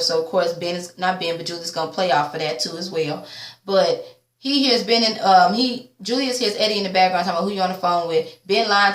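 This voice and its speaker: Tired woman doing a sassy tv recap, cusses a lot, voice shoots way up when she quotes people, room echoes. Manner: animated, sassy, swears freely; quotes characters with big pitch jumps. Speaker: TV recap vlogger. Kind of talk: casual recap commentary.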